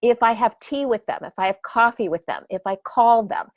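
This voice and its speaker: A lively woman who teaches flirting and dating, talking casually with a voice that climbs and dips freely. She is on the higher side for a woman. The sound is dry and a little dull. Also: moderate pace, no room sound. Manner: animated and expressive. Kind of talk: casual talk.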